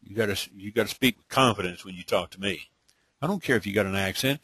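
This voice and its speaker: Man, low husky voice, blunt emphatic webinar trainer, dry close mic. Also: animated, brisk, a bit bright, no echo. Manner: blunt, emphatic, talks in bursts with frequent "okay?". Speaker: online business trainer.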